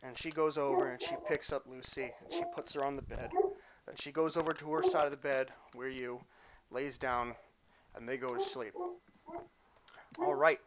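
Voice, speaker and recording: A man's voice: mid-range voice, steady tone, normal speed, pauses often, a little hiss or hum. A young man running a tabletop game and narrating casually as game master.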